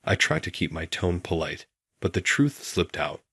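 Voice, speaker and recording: A man tells a first-person story in a steady, measured narration. His voice sits very low and has a husky edge. The recording is dry and close. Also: no room sound.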